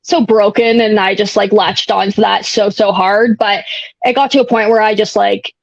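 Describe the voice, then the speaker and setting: A woman's voice: mid-range voice, steady tone, normal speed, creaky, no room sound. A young woman telling her own story in a casual, candid way, rambling with many fillers and some blunt swearing. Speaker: guest sharing recovery story. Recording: dull, dry lo-fi sound.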